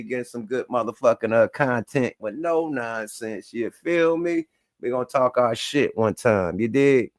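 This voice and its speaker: A man's voice: medium pitch, dry recording, studio quality. A man hosting a live stream, reacting to clips in loose, profane casual talk. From US West Coast. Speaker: host.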